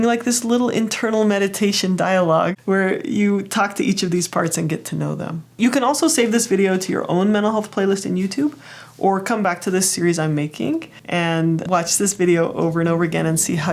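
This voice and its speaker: A woman hosting a self-help lesson, telling a personal example in a gentle, encouraging way. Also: fairly low pitch. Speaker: therapist host.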